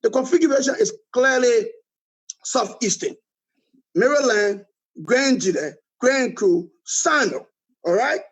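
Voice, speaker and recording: A man's voice: very high-pitched, expressive, measured pace, fairly bright tone, slightly rough, low-quality recording. A man with a Liberian accent, a political guest giving emphatic critical commentary and often adding "all right?".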